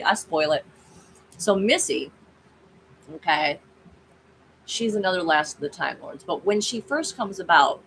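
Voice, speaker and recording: Speaking in a low, slightly bright voice, a woman hosts her own channel, chatting casually and rambling through a story with frequent asides to viewers. The recording is rough, with a little hiss or hum.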